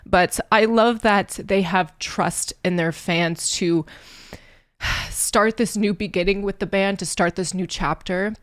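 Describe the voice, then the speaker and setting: A woman's voice: mid-range voice, fairly even intonation, takes it slowly, no echo, studio quality. A woman hosting a music reaction video, talking in an earnest, rambling, emotional way. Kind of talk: casual reaction commentary.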